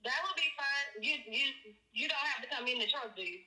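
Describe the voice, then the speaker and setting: A woman working at a food truck, giving short, quiet replies over the phone. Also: sits high, fairly quick, reverberant, poor audio.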